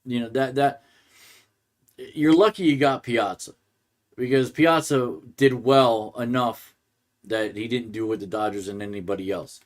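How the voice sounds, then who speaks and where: A man's voice: medium pitch, measured pace. A man hosting a sports podcast, ranting in a rambling way and restarting his sentences often. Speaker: podcast host. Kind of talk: casual sports rant.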